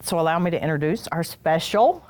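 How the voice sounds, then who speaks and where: A woman's voice: fairly low pitch, expressive, moderate pace, a little mellow. A middle-aged woman hosting a casual onstage interview, chatty and self-deprecating, joking with her guest. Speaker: host, HR director. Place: live event room with audience.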